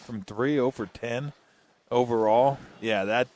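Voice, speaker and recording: A male basketball analyst chatting after the game, full of dry jokes and lively stories. He talks casually and laughs easily at his own tales. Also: mid-range voice, unhurried, a little hiss or hum. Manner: jokey, animated storyteller with laughs. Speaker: color analyst. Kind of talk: postgame broadcast chat.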